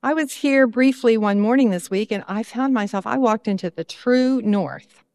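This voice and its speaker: A woman pastor giving a children's sermon in church, expressive and lifting her pitch when she voices her own prayers. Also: normal speed, long reverb tail.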